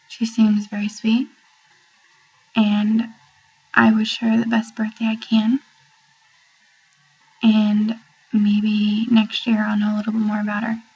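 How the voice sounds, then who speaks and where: A woman's voice: on the high side, creaky, darkish tone, highs cut off, a little hiss or hum. A young woman filming an awkward, rambling video message at home. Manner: awkward, rambling, self-conscious. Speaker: vlogger. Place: family home, near the kitchen.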